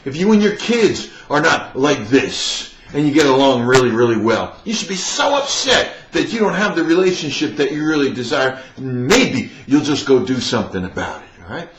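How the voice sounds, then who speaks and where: A man's voice: mid-range voice, big pitch swings, moderate pace, few pauses, roomy sound, highs cut off, background noise. A man giving a fired-up motivational monologue as a life coach, emphatic and preaching.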